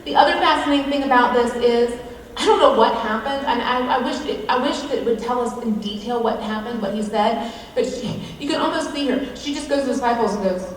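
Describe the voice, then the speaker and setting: The featured speaker at a women's gathering, a woman with a slightly high voice, talks briskly through a funny devotional, chatty and self-mocking. She is heard from afar in a reverberant large hall, with a bit of background noise.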